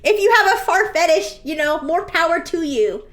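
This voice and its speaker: A woman's voice: very high voice, lively intonation, normal speed, fairly bright tone. A woman streamer chatting casually and candidly while drawing, telling a story with laughs.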